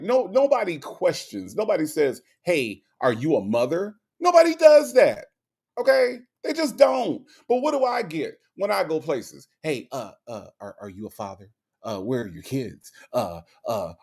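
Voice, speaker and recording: Guy reading chat on a livestream, lively up-and-down voice, cusses and rants a lot. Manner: animated, swings high in pitch when ranting, profane; reads chat comments aloud and greets viewers.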